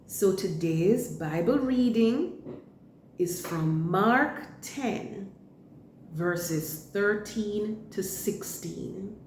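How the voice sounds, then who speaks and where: A woman leading a church school lesson for children, speaking slowly and deliberately in simple words. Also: medium pitch, a little mellow, echoey room, a little hiss or hum.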